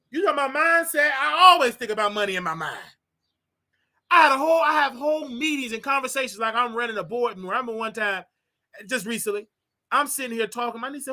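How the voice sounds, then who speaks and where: A man hosting a casual livestream, talking straight to his viewers in an animated, repetitive way with preachy asides. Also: very high voice, quick pace. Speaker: livestream show host.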